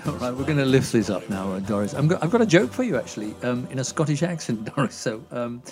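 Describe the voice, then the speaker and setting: A man's voice: mid-range voice, lively intonation, quick pace, over music. A man hosting a comedy sketch, reading out letters with many hesitant "um"s. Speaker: host.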